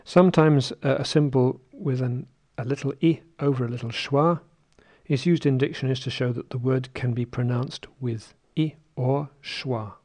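A man teaching pronunciation, slowly saying words one at a time for listeners to repeat. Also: mid-range voice, darkish tone. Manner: slow, deliberate, says each word on its own; takes words again after a slip. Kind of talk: slow pronunciation drill.

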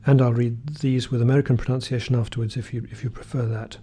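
A man teaching English pronunciation, reading word lists slowly and clearly and asking the listener to repeat. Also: medium pitch, flat delivery, mellow. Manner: reads word lists slowly, often drawing words out, with "uh" fillers between them. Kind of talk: slow, deliberate pronunciation drill.

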